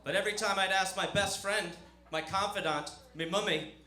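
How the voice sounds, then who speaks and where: A man's voice: high voice, fairly even intonation, moderate pace, sharp tone. A man telling a self-mocking stand-up story on a comedy club stage. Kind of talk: stand-up set. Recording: echoey club room with audience noise.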